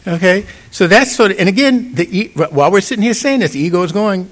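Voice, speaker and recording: A man's voice: high-pitched, lively intonation, fast talker, hardly any pauses, a bit bright. A middle-aged man giving an informal Sunday sermon, talking conversationally and often checking in with "you get it?". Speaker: pastor.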